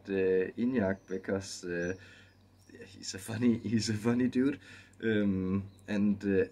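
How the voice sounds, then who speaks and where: A man channeler giving a casual spoken introduction, halting and often repeating and restarting his words. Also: fairly low pitch.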